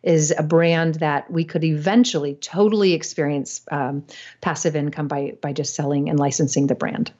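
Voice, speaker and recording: A woman's voice: low-pitched, steady tone, normal speed, warm tone, muffled recording. A woman guest on a podcast, talking casually about investing, chatty, with many fillers and frequent laughter. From United States. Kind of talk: casual interview talk.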